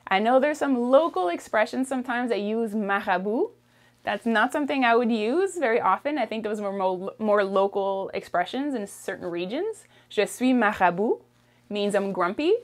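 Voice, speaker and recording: A woman's voice: fairly high pitch, lively intonation, normal speed. A woman teaching a language lesson, patiently repeating each phrase and checking in with "okay?". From Canada. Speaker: French teacher.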